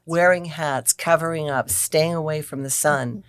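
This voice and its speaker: A woman's voice: low voice, fairly even intonation, measured pace, dry recording. A woman co-hosting a conversation, enthusiastic and affirming, with rambling asides. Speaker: co-host. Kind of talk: casual conversation.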